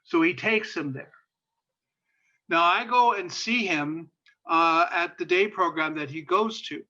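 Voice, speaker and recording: Impassioned high-voiced man lecturing. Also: a little slow, sharp tone. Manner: impassioned, repeats phrases for emphasis, many fillers. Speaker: guest speaker on sexuality and disability. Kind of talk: lecture storytelling. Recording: dull lo-fi sound.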